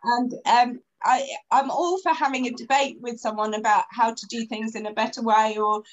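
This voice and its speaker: A woman's voice: fairly high pitch, fairly even intonation, normal speed, highs cut off. A woman in her thirties talking as a guest in a casual podcast chat, frank and chatty with plenty of fillers.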